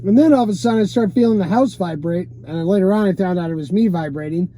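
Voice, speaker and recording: A man's voice: high voice, quick pace, warm tone, a little hiss or hum. A man telling his own story in a loose, rambling monologue from a parked car, full of "you know" and "man" and casual swearing. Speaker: vlogger telling a personal story.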